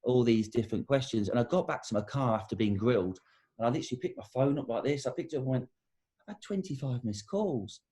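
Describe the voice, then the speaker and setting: Middle-aged ex-player, quick, chatty guest who tells stories and acts out the quotes. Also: male voice, mid-range voice, dark tone, husky. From England. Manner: anecdotal storytelling, acts out quotes. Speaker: former footballer, guest. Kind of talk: casual interview chat.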